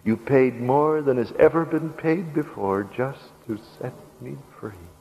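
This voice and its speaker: A man voicing an embittered former slave woman who speaks softly and low. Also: a little slow, poor audio. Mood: sobbing. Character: embittered freed slave woman, hardened, then tearful.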